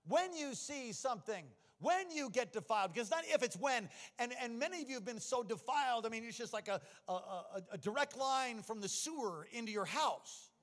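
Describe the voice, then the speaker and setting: Middle-aged preacher guy, fairly high voice, telling his stories then firing up the room, church hall echo. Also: expressive, moderate pace, few pauses. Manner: personal storytelling that swings from quiet to exhorting. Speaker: pastor. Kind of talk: sermon. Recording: long reverb of a large hall.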